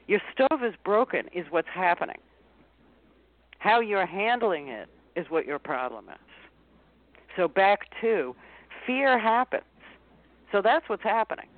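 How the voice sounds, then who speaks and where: A woman talks as a guest coach over a tinny, phone-like line with a middling pitch. She speaks in an animated way, leaping up in pitch whenever she acts out a panicked inner voice. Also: measured pace, long pauses, no echo. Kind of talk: interview conversation.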